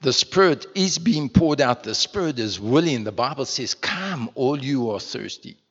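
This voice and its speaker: South African pastor preaching in a church hall. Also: male voice, medium pitch, expressive, moderate pace, a bit bright, husky. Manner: conversational preaching with rhetorical questions and repetitions. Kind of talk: sermon. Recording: muffled sound in a reverberant church hall.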